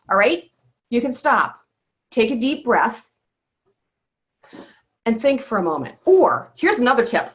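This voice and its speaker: Lady health coach on a muffled video call, mid-pitched voice, keeps saying okay?. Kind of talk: teaching a wellness call. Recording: dull lo-fi video call audio.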